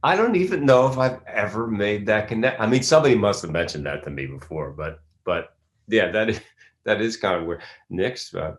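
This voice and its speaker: A man's voice: fairly low pitch, animated, normal speed. A middle-aged man from Philadelphia, an actor giving a casual interview, rambling through stories with many restarts. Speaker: actor guest.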